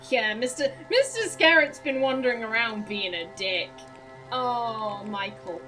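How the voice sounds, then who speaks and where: A woman's voice: a little high, lively intonation, measured pace, faint music behind, poor audio. A woman streamer commenting casually on a game as she plays, giggly, chatty, swearing now and then. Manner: giggly, swears, reacts out loud. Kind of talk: let's play commentary.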